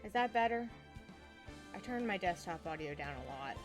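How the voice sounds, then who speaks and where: A woman's voice: on the low side, lively intonation, moderate pace. A woman streamer chatting and giggling through asides while she plays a game. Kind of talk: casual game commentary. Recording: game music behind.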